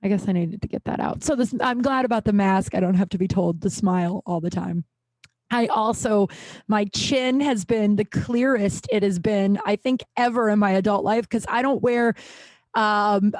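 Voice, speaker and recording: A woman's voice: mid-range voice, a little mellow, no room sound. A woman hosting a podcast in a casual monologue, blunt and profane, ranting and going off on tangents. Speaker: podcast host.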